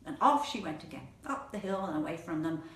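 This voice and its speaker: A woman storyteller telling a folk tale aloud in a playful, animated manner, repeating words for rhythm. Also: fairly low pitch, fairly quick. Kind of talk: oral storytelling. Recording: echoey room, mic at a distance.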